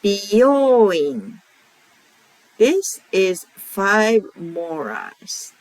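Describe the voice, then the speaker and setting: A woman with a Japanese accent teaching pronunciation, repeating each example word slowly and carefully. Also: medium pitch, very animated, dry recording, rough recording. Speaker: language teacher. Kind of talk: slow, clear pronunciation lesson.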